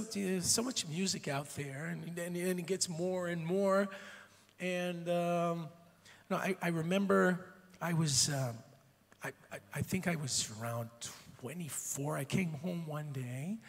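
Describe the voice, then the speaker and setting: A man who is a musician answering a question on a panel, halting and reflective. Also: fairly high pitch, slightly rough. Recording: long reverb in a large hall.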